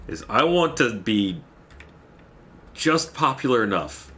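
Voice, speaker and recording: A man's voice: medium pitch, very animated, slow, bright, forceful tone. A man livestreaming a game, chatting casually, rambling and thanking viewers by name as he plays. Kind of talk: casual chat while playing a game.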